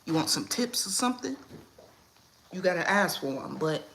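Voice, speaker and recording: A woman hosting a casual livestream from home. She talks in a playful, animated way, turning to her kids and greeting viewers by name. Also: fairly low pitch, moderate pace, a little hiss or hum. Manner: animated, playful, talks to her kids and reads chat names mid-stream. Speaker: livestream host.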